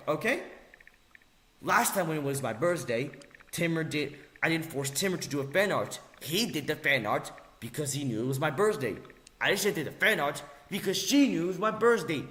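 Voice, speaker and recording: Lively, heated ranting male vlogger. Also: medium pitch. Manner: heated, sarcastic, profane; repeats phrases for emphasis. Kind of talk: angry ranting monologue.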